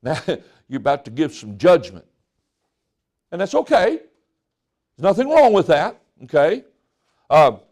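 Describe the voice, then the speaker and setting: A man's voice: fairly high pitch, huge pitch swings, unhurried, pauses often, a little mellow. A man in his sixties preaching a sermon in a folksy storytelling way, often restarting his sentences. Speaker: pastor.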